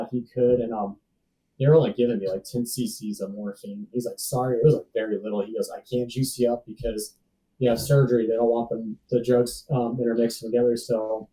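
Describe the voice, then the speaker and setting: A man's voice: mid-range voice, mellow, recorded from a distance, poor audio. A man telling a personal story as a podcast guest, laid-back, acting out other people's lines. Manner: laid-back, acts out dialogue, says "dude" and "man" often.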